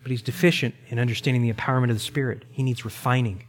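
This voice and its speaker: A middle-aged male pastor preaching a sermon with emphasis, slowing down to repeat key phrases. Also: mid-range voice, fairly even intonation. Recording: long reverb in a large hall.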